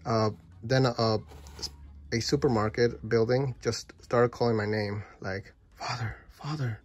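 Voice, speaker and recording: A man's voice: medium pitch, steady tone, unhurried, a little mellow, no room sound, dull audio. A man reviewing food and telling a rambling, casual story full of fillers.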